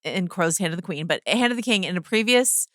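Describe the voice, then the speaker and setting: Bright-voiced woman co-hosting a podcast. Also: fairly low pitch, lively intonation, dry recording, clean studio sound. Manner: quick, emphatic, swears casually. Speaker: podcast co-host. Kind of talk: casual chat.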